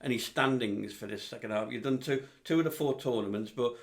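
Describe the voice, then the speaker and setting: A man's voice: medium pitch, a little fast, vocal fry. A middle-aged man, co-hosting a casual podcast, hesitant with many ums and uhs. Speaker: co-host, father of the host.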